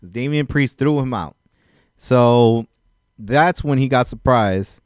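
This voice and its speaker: A man's voice: medium pitch, slow, smooth, dry recording, studio quality. A man co-hosting a wrestling podcast in casual, jokey chat, laughing easily. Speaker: podcast co-host.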